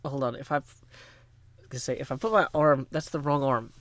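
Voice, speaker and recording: Here a gaming livestreamer from Tennessee keeps up casual banter, joking around and thanking people who donate. His voice is medium in pitch and fairly quick, recorded dry.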